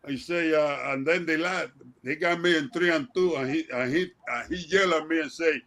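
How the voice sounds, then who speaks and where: Older male guest, high-ish voice, animated laughing storyteller. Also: normal speed. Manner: animated, laughing, acts out remembered exchanges with raised voice. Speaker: guest, retired baseball player. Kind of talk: casual storytelling on a talk show.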